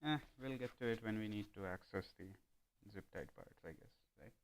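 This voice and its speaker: A young man talks casually through a live stream. His voice sits on the low side. He reads instructions out loud, then drops dry, joking asides between them. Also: brisk, clear, resonant tone, poor audio. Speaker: streamer building a PC.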